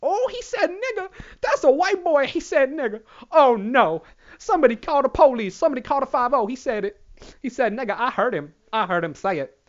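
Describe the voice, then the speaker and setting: A man's voice: very high-pitched, expressive, brisk, lo-fi sound, voice pushed up. A man voicing a shocked, outraged male bystander in a squealing, scandalized voice.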